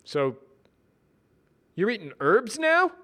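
A man's voice: sits high, wildly swooping pitch, slow pace, sharp tone, voice pushed up, heavily acted. A man voicing Brad, a chatty, easygoing heavyset coworker with a casual, folksy way of talking.

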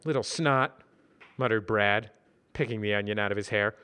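A man narrating a story in a dry, measured reading. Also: fairly low pitch, level tone, pushed and bright, clean tone. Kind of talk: audiobook reading.

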